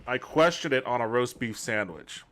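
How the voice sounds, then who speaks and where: A man's voice: mid-range voice, expressive, normal speed, fairly bright tone. A man streaming a game from home, chatting casually and joking with chat. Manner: rambling, joking. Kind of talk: casual let's-play chat.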